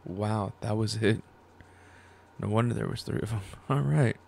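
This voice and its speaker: A man's voice: lowish voice, a little slow, creaky. A man giving crude, jokey commentary while playing a war game. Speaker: gamer. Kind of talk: casual gameplay commentary. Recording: gunfire noise from game.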